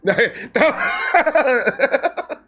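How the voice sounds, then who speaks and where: A man telling a personal story in a casual vlog, excitable, animated and full of profanity. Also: very high voice, drawn-out words. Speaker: storyteller host.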